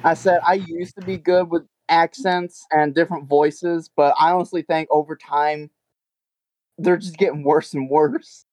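A man chatting modestly in a casual podcast. His voice is a little high, and it sounds dry and close to the mic. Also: steady tone, moderate pace, a little mellow, no room sound, poor audio. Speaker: player.

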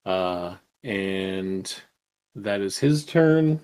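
A man acting as game master, calmly narrating turns and explaining rules of a tabletop game. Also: low voice, clean tone. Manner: measured, explains rules with fillers.

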